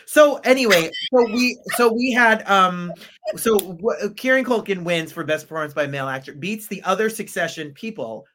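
A man's voice: sits high, moderate pace, fairly bright tone, slight background noise. A man from England, co-hosting a podcast in a put-on American accent, chatting casually with playful, theatrical asides. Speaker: podcast co-host. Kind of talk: casual chat.

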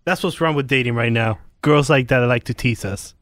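A man's voice: medium pitch, a little fast, a bit bright, dry recording, clean studio sound. A man co-hosting a podcast, bantering in a playful, sometimes defensive way. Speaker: podcast co-host. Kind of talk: casual banter.

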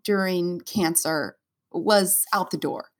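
A woman's voice: fairly low pitch, takes it slowly. Earnest woman telling a personal story. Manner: earnest and emotional, many fillers and restarts. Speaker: interview guest, stage performer. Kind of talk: candid conversational storytelling.

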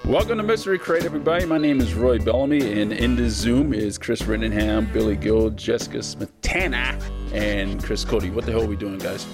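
Male host, low voice, upbeat intro, guitar music bed behind. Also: brisk. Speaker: podcast host. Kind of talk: show opening and casual chat.

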